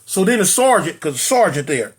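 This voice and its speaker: A man with a notably high speaking voice spins a casual story about prison life. He circles back over the same phrases and jumps into quick impressions of the people in it. His delivery is loose and animated. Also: husky. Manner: animated, repeats phrases, acts out quotes.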